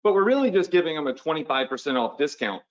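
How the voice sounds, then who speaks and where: A man's voice: a little high, big pitch swings, fast. A man teaching a live online webinar, talking viewers through steps casually and checking in with "right?". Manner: casual, talks the viewers through steps while drawing on screen; conversational, uses "y'all" and "right?". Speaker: online business coach. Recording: slightly dull lo-fi webinar audio.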